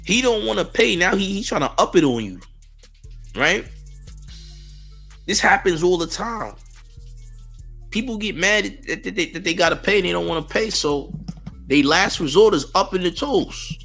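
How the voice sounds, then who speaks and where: A man's voice: high-pitched, expressive, moderate pace, gravelly, pauses often, a bit bright, faint music behind. A man hosting a news commentary channel, talking in a slangy, mocking way that riffs on and repeats phrases. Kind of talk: casual commentary on celebrity news.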